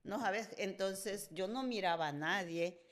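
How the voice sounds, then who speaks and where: An older woman shares stories on a casual podcast. She talks with lively, confessional energy, and her voice sits at a middle pitch. She goes back and forth between hushed asides and bursts of emphasis. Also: normal speed. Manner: animated, confessional anecdote telling. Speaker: podcast guest, host's mother. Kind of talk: casual storytelling chat.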